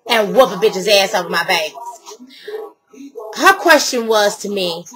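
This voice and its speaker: A woman's voice: fairly high pitch, bright, forceful tone, rough recording. A middle-aged woman ranting to camera, heated and blunt, with a lot of swearing. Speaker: vlogger.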